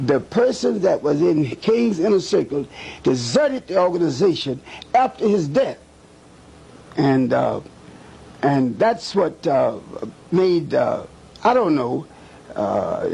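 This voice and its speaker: An older man speaks in a deep, mellow voice with a gravelly, raspy edge. He talks earnestly and deliberately and leans on emphatic repetition as he recalls his years in the civil rights movement. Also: poor audio. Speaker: former civil rights activist recounting memories. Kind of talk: recorded recollection.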